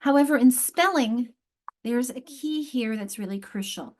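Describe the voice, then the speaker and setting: Speaking a little slowly in a slightly mellow, higher-pitched voice, this woman trains teachers as a literacy instructor on spelling and how words are built. She keeps it conversational, elongates sample words so their sounds come through, and keeps asking "isn't it?"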